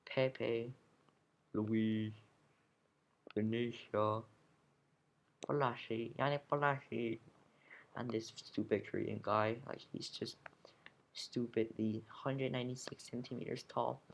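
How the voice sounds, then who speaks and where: A man's voice: medium pitch, fairly even intonation, slow, creaky, pauses often. A teenage boy commenting casually on his game, grumbling and swearing, sometimes dropping to a whisper, recorded at home. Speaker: gamer opening card packs.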